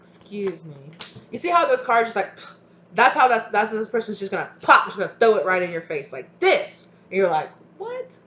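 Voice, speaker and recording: A woman's voice: medium pitch, expressive, brisk, fairly bright tone, roomy sound. A woman giving a casual tarot reading, chatty and loose, often trailing off and restarting her thoughts. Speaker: tarot reader.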